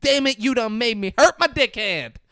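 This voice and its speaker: A man's voice: extremely high pitch, expressive, moderate pace, pushed and bright, no room sound, clean studio sound, voice pushed up, full character voice. A man putting on the voice of a brash, pushy woman hustler, retelling a movie scene on a podcast. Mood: indignant. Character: brash, loud woman hustler on a city street.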